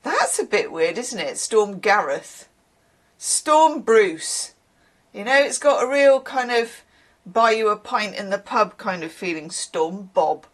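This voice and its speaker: A woman in mid-range pitch who talks with a bouncy, lively lilt. She chats casually to camera as a tarot reader, wandering off into tangents and dry little asides. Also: normal speed. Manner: chatty and rambling, with wry asides.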